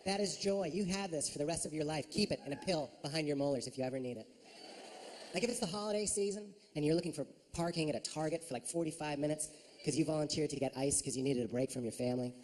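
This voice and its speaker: A man performing a stand-up comedy set, animated and quick to leap into high shrill voices for his impressions. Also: a little hiss or hum. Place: comedy stage.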